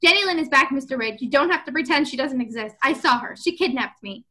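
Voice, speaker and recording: Bright high-voiced woman retelling a story. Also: brisk. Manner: animated storyteller, voices characters with filler "like". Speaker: podcast co-host retelling a book. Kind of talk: casual chat, retelling a story with quoted voices.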